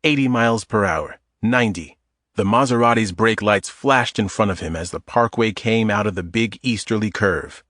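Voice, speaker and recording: A male audiobook narrator telling the story in a steady, measured voice. His pitch sits on the low side, and the sound is dry and close with no room around it. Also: no echo. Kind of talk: scripted narration.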